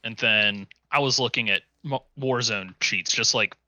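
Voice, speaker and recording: A man co-hosting a casual gaming podcast, talking in a relaxed, matter-of-fact way. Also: medium pitch, unhurried, no room sound. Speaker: podcast co-host.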